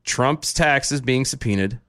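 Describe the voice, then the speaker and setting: A man's voice: mid-range voice, slow pace, fairly bright tone, smooth. A man co-hosting a casual news commentary show, bantering and mocking the stories. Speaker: co-host.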